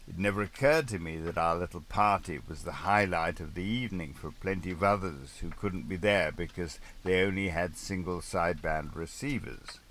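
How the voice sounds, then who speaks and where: A man with a very low voice narrates an audiobook memoir. His tone is bright and forceful, and he delivers the narration with dry, wry understatement. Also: normal speed, few pauses, a little hiss or hum.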